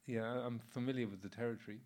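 With a medium-pitched voice and a fast way of talking, a Buddhist monk in his sixties shares a relaxed Dharma talk. It's anecdotal and informal, dotted with fillers and frequent chuckles.

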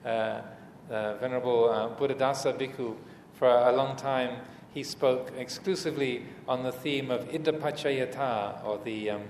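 A man's voice: mid-range voice, fairly even intonation, normal speed, hardly any pauses. Hesitant man giving a dharma talk in an echoey hall. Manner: hesitant, many fillers and restarts, gentle humor. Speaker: Buddhist monk teacher. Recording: echoey hall, faint room noise.

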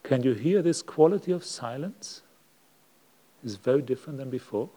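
Monk giving a sermon, mellow male voice, slow and reflective with long pauses. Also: mid-range voice, expressive. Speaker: Buddhist monk giving a Dhamma talk. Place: monastery hall.

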